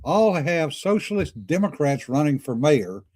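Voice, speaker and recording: A man with a slightly high voice telling anecdotes on a casual livestream. He talks in a relaxed, chatty way and laughs easily. The sound is close and dry. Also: a little slow, dry recording. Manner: chatty storyteller, laughs often. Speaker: podcast co-host.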